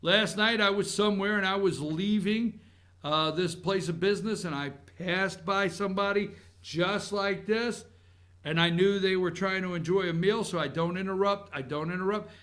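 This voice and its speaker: A man hosting a talk show monologue, animated and blunt, swinging from loud outbursts to low muttering. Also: moderate pace.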